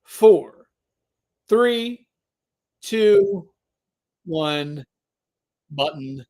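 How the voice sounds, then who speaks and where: A man's voice: high voice, expressive, very slow, warm tone. A man hosting a live stream giveaway, chatting to viewers and drawing out the suspense. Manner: hypes and drags out suspense, talks to chat.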